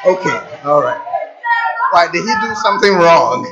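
A preacher delivering a sermon dramatically, repeating and stretching key words, dropping to a hush and then rising to a shout, and often asking the congregation questions. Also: medium pitch, lively intonation, normal speed, very noisy. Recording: dull lo-fi sound.

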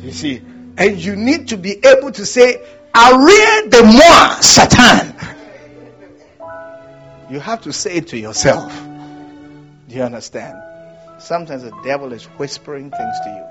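A man from Ghana preaching a sermon, moving between loud declarations and quiet storytelling. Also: a little high, animated, moderate pace. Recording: dull lo-fi sound with music behind.

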